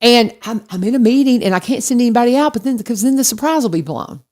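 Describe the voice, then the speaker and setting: A woman co-hosting a radio talk show, telling a story in a lively, self-deprecating way and speaking straight to the listeners. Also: fairly high pitch, fast. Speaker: radio co-host. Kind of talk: casual chat.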